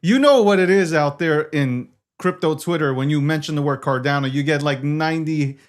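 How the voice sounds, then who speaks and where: A male show host with a somewhat high-pitched voice. He chats casually with his guest in an emphatic, talkative way. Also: moderate pace. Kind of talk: casual interview talk.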